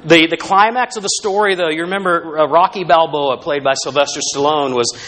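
A man's voice: a little high, brisk, fairly bright tone. A male pastor preaching a sermon in a conversational, storytelling way, with asides to the congregation.

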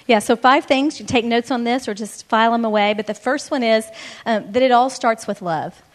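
A middle-aged woman co-teaching a marriage course, speaking candidly and gently in a conversational way. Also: fairly high pitch, normal speed.

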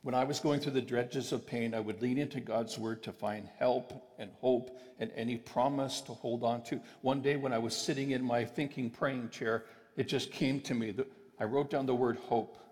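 A man preaching a sermon, emphatic and sometimes slowing his phrases for weight. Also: medium pitch, fairly even intonation, darkish tone. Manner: emphatic, with deliberate slowed phrases. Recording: long reverb of a large hall.

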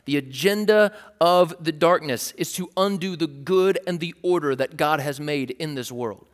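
Conversational preacher in a reverberant hall. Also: male voice, a little high, normal speed. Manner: conversational and explanatory, frequent "like" and restarts. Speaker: pastor. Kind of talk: sermon.

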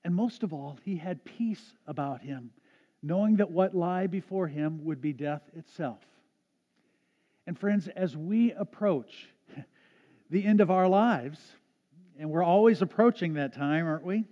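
A man's voice: fairly high pitch, a little slow. A man preaching a sermon as a pastor in a church, earnest, often restarting his phrases. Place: church sanctuary. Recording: dull, echoey sanctuary sound.

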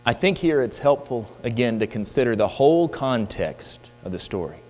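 A man's voice: mid-range voice, sing-song, moderate pace, darkish tone. A man preaching a sermon, emphatic and full of rhetorical questions, in a church hall. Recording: long hall reverb with mains hum.

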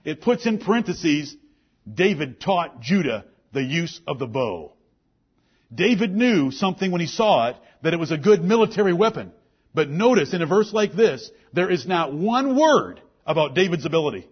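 A man preaching to his church with a husky, high-pitched voice that swoops up and down with great animation. He delivers his sermon emphatically and lends scripture a solemn, old-style ring. The recording sounds dull and lo-fi. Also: big pitch swings, fairly quick. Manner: emphatic preaching with King James scripture quotes. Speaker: pastor.

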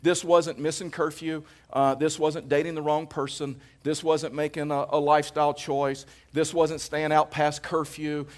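A middle-aged man preaching to his congregation with a fairly high voice. He keeps it conversational, building points through repetition. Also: little pitch movement, normal speed, hardly any pauses. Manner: conversational, anecdotal preaching with jokes; emphatic, repeats phrases for effect. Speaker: pastor. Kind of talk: sermon.

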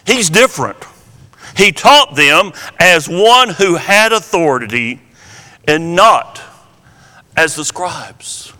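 Male preacher, high-ish voice, slow emphatic sermon, big reverby hall. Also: animated, sharp tone. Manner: slow, emphatic Bible teaching with repetitions.

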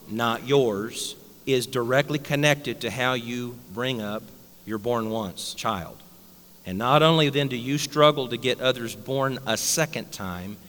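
A man's voice: mid-range voice, a bit bright, in a large hall. A male pastor preaching a blunt, emphatic sermon straight at his congregation in a church. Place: church sanctuary.

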